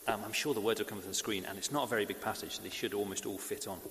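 Halting male preacher in echoey hall. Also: lowish voice, steady tone, fairly bright tone. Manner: halting, many fillers and restarts. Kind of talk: sermon. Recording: echoey hall with faint hiss.

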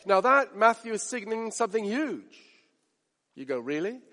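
A man's voice: high voice, big pitch swings, normal speed, bright, forceful tone. A man preaching a sermon, emphatic, building his point with repetition and rhetorical questions. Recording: long reverb of a hall.

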